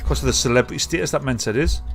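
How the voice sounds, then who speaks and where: A man's voice: medium pitch, racing, gravelly, soft background music. A man, hosting a livestream and reacting to clips in sweary, mocking chat. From North East England. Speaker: livestream host.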